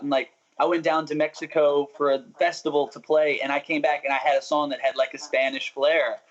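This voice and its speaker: A man's voice: a little high, fairly even intonation, a little fast, few pauses, lo-fi sound. A young adult man talking as a musician guest in a casual interview, chatty and self-interrupting, often laughing.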